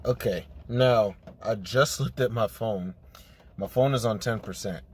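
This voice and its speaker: A man's voice: on the low side, a little slow, breathy edge. A young man co-hosting a podcast, joking and cursing as he talks to viewers. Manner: joking, profane, addresses viewers. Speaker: podcast co-host. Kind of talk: casual chat.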